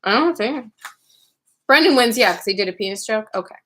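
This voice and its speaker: A woman's voice: on the high side, lively intonation, fairly quick, bright, forceful tone. Playful woman in party-game banter. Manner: playful, laughing, reads cards aloud.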